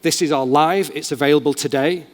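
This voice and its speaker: Excitable Mancunian man on a conference stage. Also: on the high side, fairly quick. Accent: Manchester. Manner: enthusiastic, casual, excitable. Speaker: conference keynote speaker. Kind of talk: live tech demo talk. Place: large conference hall. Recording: long hall reverb.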